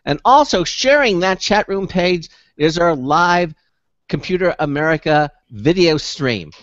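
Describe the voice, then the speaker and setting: A man's voice: a little high, lively intonation, a little slow, a bit bright, dry recording. Chatty male radio host, muffled audio. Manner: rambling, with repeated restarts. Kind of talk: casual radio chat.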